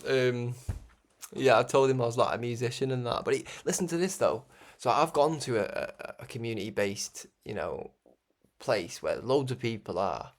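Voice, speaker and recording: A young man hosting a religious broadcast, talking in a rambling, animated way with frequent laughs. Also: medium pitch, normal speed. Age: young adult. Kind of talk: casual spoken monologue.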